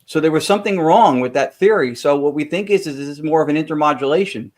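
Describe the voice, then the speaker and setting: A man's voice: on the high side, fast talker. A man speaking as a podcast guest, explaining technical ideas at length in casual chat, with frequent fillers and restarts.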